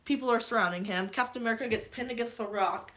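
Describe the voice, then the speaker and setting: A young woman recapping a movie on a live stream, rambling and swearing freely, with sudden excited shouts. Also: on the high side, fast. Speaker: vlogger.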